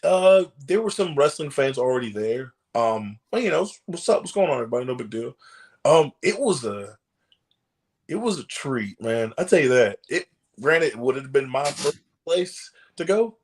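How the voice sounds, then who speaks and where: A man's voice: medium pitch, unhurried. A male pro wrestler as a podcast guest, telling casual stories and acting out the voices in them. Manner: animated, acts out the voices in his stories.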